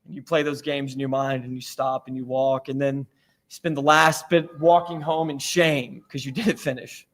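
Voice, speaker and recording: A man's voice: mid-range voice, level tone, normal speed, a bit bright. A man from Florida preaching a sermon in a church, telling stories in a conversational, self-deprecating way. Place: church sanctuary.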